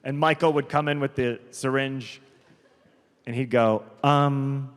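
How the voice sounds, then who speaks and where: A man performing a stand-up comedy set on stage, telling stories deliberately and drawn out, with quick asides. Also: mid-range voice. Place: large theater stage. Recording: live comedy hall with long reverb, faint crowd noise.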